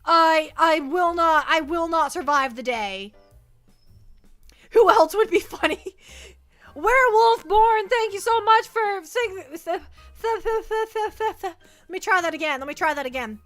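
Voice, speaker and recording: A woman VTuber chatting on a livestream in a very high, bright voice. She is excitable and giggly and trips over her words, with soft music playing behind her. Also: a little slow. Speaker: VTuber streamer. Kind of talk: casual livestream chat.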